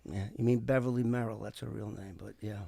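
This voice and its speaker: Gravelly, animated man telling a story. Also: fairly low pitch, fairly quick, no echo. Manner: animated, acts out quoted voices. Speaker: guest, former FBI informant. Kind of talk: casual storytelling.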